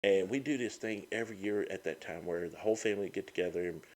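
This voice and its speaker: A man's voice: low-pitched, quick pace. A middle-aged man, a comedian guest telling stories in a casual chat. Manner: animated, lively storyteller.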